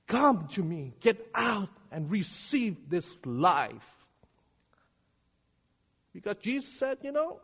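A man preaching a sermon, dramatic and swinging from hushed words to shouting. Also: high-pitched, sing-song, slow pace, creaky, long pauses, breathy edge. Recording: reverberant hall, dull lo-fi sound.

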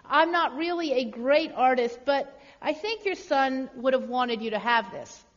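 A humble young soldier speaks earnestly and modestly, read out by a woman. The voice sits high and carries in a long echo, with a dull sound. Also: expressive, measured pace. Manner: quiet, modest. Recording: echoey hall, dull sound.

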